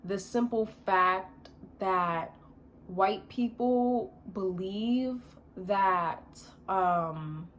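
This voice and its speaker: A woman's voice: medium pitch, drawn-out words, a bit bright, a little hiss or hum. A young woman vlogging, telling a story in a blunt, emphatic rant full of slang.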